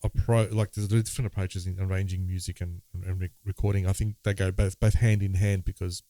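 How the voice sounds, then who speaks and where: Low, mellow-voiced man musing on music. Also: little pitch movement. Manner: halting, many restarts, thoughtful. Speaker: podcast co-host, guitarist. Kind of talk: casual conversation about music.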